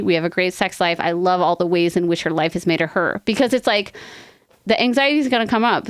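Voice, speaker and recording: A woman co-hosting an advice podcast, talking in an earnest, rambling way with quick asides. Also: medium pitch, smooth, dry recording, clean studio sound. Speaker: podcast co-host. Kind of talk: casual advice chat.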